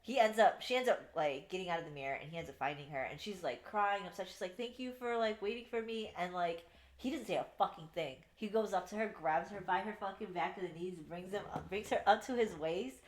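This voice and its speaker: A young woman with a fairly low voice co-hosts a casual book podcast, recapping scenes with lots of energy, loose swearing and bursts of laughter. The room around her sounds echoey. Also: quick pace. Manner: animated retelling, frequent swearing, laughs at favorite parts. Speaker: podcast co-host. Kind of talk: casual book review chat.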